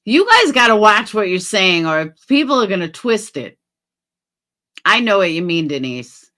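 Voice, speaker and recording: On a casual livestream, a woman reads viewer comments out loud and answers them bluntly, swearing as she goes. She jumps quickly from low mutters to loud outbursts, with big swings in pitch.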